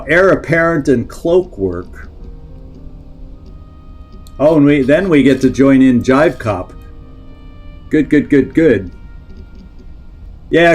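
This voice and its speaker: A man's voice: medium pitch, darkish tone. A man streaming a strategy game, thinking aloud, reading in-game text and answering chat as he plays. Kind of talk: live-stream gameplay commentary.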